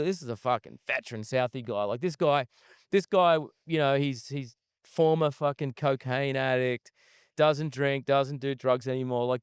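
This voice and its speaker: A man's voice: mid-range voice, clear, resonant tone, no room sound, clean studio sound. A man, a guest chef, telling a long, profane story in a casual interview, recorded at an outdoor desert festival camp.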